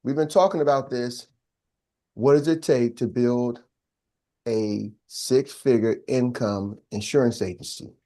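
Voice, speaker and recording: A man's voice: medium pitch, unhurried. An older man coaching a live business masterclass, talking with energy, repeating key phrases and asking his audience to answer back. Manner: energetic, repetitive and call-and-response.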